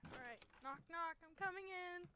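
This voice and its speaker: A woman's voice: very high-pitched, normal speed, sharp tone, slight background noise, rough recording. A woman playing a horror game at home, nervous and jumpy, talking through her fear with shaky laughs. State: shaking, frightened. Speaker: gamer. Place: home gaming setup.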